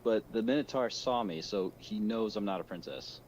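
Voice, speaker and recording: A man's voice: on the low side, normal speed, over a noisy crowd. A young man playing in a tabletop game, talking in a hesitant, stammering way. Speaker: player.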